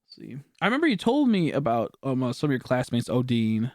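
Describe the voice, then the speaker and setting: A man's voice: medium pitch, huge pitch swings, a little fast, darkish tone, no room sound, clean studio sound. A man streaming, chatting casually with viewers in a rambling way, with lots of filler words and frequent swearing.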